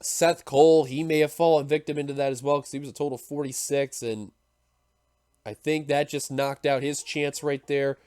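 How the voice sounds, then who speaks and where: A man doing play-by-play commentary on a simulated stock car race, excitable and running out of breath. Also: on the high side, normal speed, smooth, dry recording, studio quality. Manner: excitable, builds to shouting at the finish. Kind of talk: sim racing play-by-play commentary.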